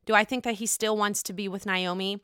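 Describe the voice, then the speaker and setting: A woman's voice: medium pitch, fairly even intonation, a little fast, a bit bright, smooth, no room sound, clean studio sound. A woman with a Pittsburgh accent hosting a casual gossip podcast, candid and profane, with a sore throat. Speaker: podcast host. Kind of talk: casual reality-TV gossip chat.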